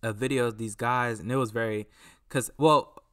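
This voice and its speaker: A man hosting a podcast, talking in a casual, rambling and animated way, often acting out what people said. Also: medium pitch, moderate pace, smooth. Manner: rambling, animated, acts out quotes. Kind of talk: casual solo commentary.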